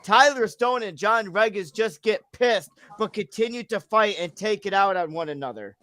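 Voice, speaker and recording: This host calls a storytelling wrestling stream with excitable play-by-play, shouting and cursing when the big moments hit. His voice sits mid-range at a moderate pace, and the recording is dry.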